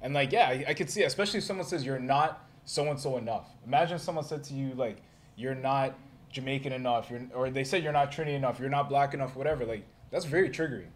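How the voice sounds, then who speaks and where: A man's voice: medium pitch, quick pace. A man co-hosting a podcast, reasoning earnestly through a point in a casual group chat. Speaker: podcast co-host.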